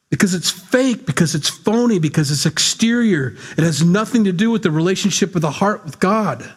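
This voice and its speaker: A man's voice: high-pitched, expressive, moderate pace, few pauses, slightly rough. A man preaching a sermon, reading scripture and explaining it in a blunt, conversational, teasing way. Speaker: pastor.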